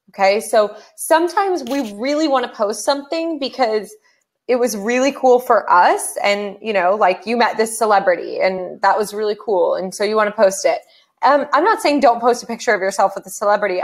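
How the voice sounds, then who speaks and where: A woman with a Southern Californian accent co-presenting a casual webinar, upbeat and coaching, talking to listeners as "you guys", on a webcam mic. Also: on the high side.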